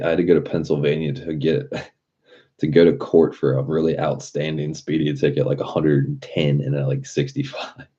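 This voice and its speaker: A man's voice: extremely low pitch, dark tone, slightly rough. A young man chatting casually on a live stream, telling a loose, profane story with frequent chuckles. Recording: dull lo-fi sound with faint music behind.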